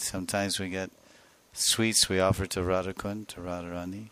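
A man giving a devotional sermon as a spiritual teacher, telling a sacred story with soft laughs and acting out the voices of its figures. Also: sits low, level tone, moderate pace, clean tone. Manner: laughs softly between phrases.

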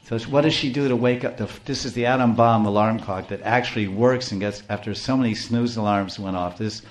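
A man giving a devotional lecture as a spiritual teacher, telling a story in a playful, animated way and laughing often. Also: on the low side.

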